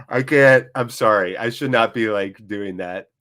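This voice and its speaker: A man's voice: on the low side, takes it slowly, fairly bright tone. A man hosting a live football watchalong, chatting playfully and answering viewers by name. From United States. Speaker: host of a fan channel. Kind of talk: live match watchalong commentary and chat.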